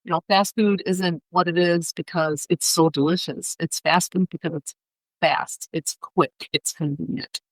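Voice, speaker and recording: A woman's voice: on the low side, fairly even intonation, unhurried, no room sound, low-quality recording. A woman sitting in on a podcast, chatting agreeably and thinking aloud. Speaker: guest co-host. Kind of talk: casual chat.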